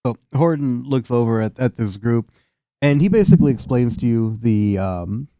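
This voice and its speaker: A man's voice: mid-range voice, lively intonation, normal speed, dark tone, dry recording. A man narrating as game master in a tabletop game, laid-back and swearing freely.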